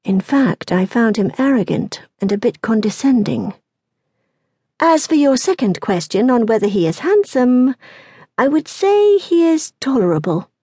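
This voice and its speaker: A woman's voice: a little high, very animated, unhurried, dark tone, dry recording, clean studio sound, voice pushed up, full character voice. A woman voicing a spirited, tart young lady. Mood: tart, composed. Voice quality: crisp, tart. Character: spirited, witty young gentlewoman.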